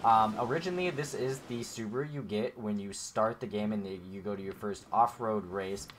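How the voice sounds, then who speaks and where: A man's voice: on the low side, moderate pace, a bit bright, a little hiss or hum. A man casually commenting over gameplay as a gaming YouTuber, rambling and chatty with many fillers, talking straight to his viewers. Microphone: desk microphone.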